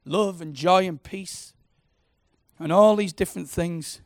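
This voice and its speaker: A man preaching, passionate and personal, swinging from loud declarations to soft, intimate prayer. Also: high voice, unhurried, no echo, clean studio sound. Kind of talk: sermon.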